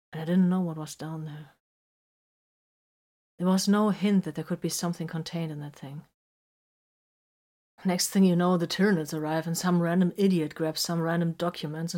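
A woman's voice: on the low side, steady tone, moderate pace, pauses often, a little mellow, close to an everyday voice. A woman reading as a wry male psychic soldier. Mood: earnest. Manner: dry, teasing, matter-of-fact.

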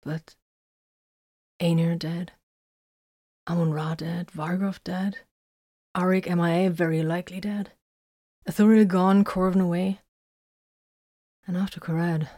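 A woman reading the lines of an intense male psychic librarian warrior in a storybook reading, speaking quietly and earnestly. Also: on the low side, fairly even intonation, unhurried, pauses often, no echo, clean studio sound.

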